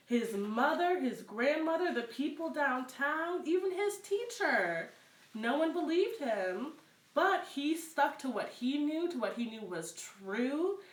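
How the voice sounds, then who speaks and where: A woman reading picture books aloud to children at story time, expressive and encouraging. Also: high-pitched, far from the mic. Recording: roomy echo, away from the mic.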